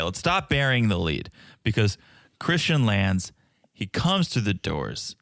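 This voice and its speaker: A man's voice: sits low, no echo, clean studio sound. A man co-hosting a podcast, retelling reality-TV scenes in a casual, playful way. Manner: animated, playful storytelling. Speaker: podcast co-host. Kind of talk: casual reality-TV recap chat.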